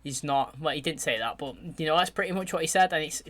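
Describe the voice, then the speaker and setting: A man hosting his channel, chatting excitedly as he reacts to a show's finale and addresses his viewers directly. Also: fairly high pitch, quick pace. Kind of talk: casual reaction commentary.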